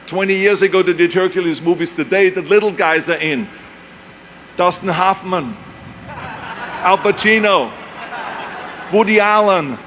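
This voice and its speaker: A man's voice: sits high, unhurried, pauses often, fairly bright tone, slight background noise. A man in his seventies, a native German speaker with a German accent, gives an emphatic, anecdotal motivational speech with self-mocking humor at a university event. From Europe. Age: 70s.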